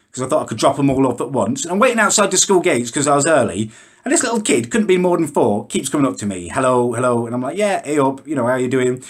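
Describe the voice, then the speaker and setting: A man delivering an indignant, pompous comedy rant to camera. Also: medium pitch. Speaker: comedy vlogger ranting in character. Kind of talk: angry rant monologue. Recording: echoey room.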